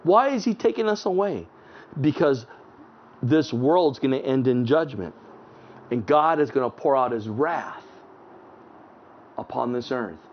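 A man preaching an online sermon outdoors, fervent, swinging between raised exclamations and hushed low tones, reading scripture aloud with emphasis. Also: animated, measured pace, long pauses, slight background noise. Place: outdoors in front of a house at sunset. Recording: dull lo-fi recording.

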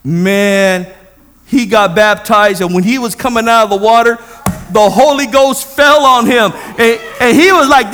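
A man preaching, telling a personal testimony as a lively story and acting out the voices of the people in it. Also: very high voice, measured pace, in a large hall. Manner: animated storytelling, acts out voices. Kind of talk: sermon testimony.

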